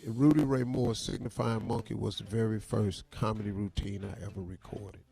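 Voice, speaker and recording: A man hosting a morning radio show, telling a comic story in an animated way with stammers and repeats. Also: on the low side, moderate pace, gravelly, faint music behind. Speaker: radio host.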